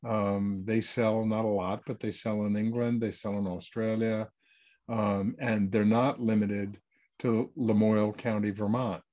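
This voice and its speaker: A man's voice: on the low side, flat delivery, measured pace, a little mellow, highs cut off. A man, a published author, answering questions in an easygoing, anecdotal way over a video call. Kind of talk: online Q&A talk.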